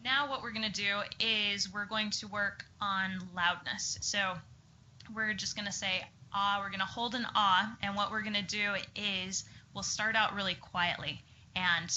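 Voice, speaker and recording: A woman's voice: mid-range voice, sharp tone. A woman speech therapist leading a group through exercises, giving encouraging step-by-step instructions. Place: group therapy session room. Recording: muffled lo-fi with faint noise.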